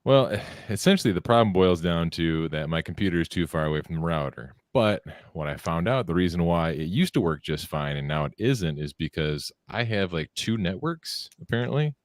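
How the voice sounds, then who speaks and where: A man co-hosting a casual podcast, explaining his internet trouble with deadpan delivery. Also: low-pitched, moderate pace, hardly any pauses, no room sound, clean studio sound. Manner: deadpan one-liners. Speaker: podcast co-host. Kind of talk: casual chat.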